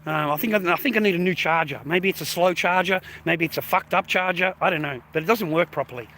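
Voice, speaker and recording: A man's voice: high voice, quick pace, pushed and bright, a little hiss or hum. An Australian man rambling casually during a walk-and-talk live stream, calling everyone "mate" and swearing now and then. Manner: chatty, rambling, peppers speech with "mate" and "bro", swears. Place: outdoors, walking along streets. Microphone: phone held while walking.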